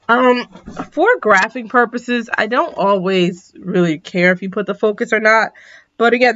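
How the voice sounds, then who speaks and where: In a recorded whiteboard lesson, a tired teacher yawns through a math problem in a relaxed manner. She keeps correcting herself and apologizing. Her voice is mid-pitched, and the sound quality is dull and lo-fi.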